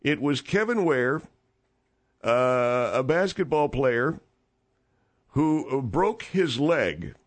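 A man's voice: medium pitch, lively intonation, extremely slow, long pauses. A man doing a rambling boastful steakhouse owner. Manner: rambling, self-important storytelling. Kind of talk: radio comedy monologue.

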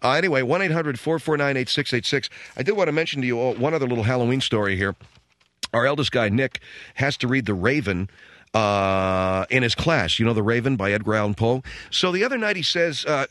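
A middle-aged man hosting a radio call-in show, telling stories in an animated, rambling way from a studio. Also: fairly high pitch, a little fast, no echo. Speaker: radio talk show host.

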